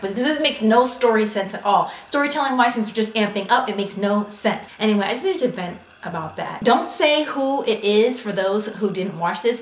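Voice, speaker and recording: A woman talks through her monthly favorites in a casual vlog, animated and chatty, acting out her own reactions as she goes. Her voice sits at a middle pitch, and the room around her gives it a noticeable echo. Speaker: vlogger.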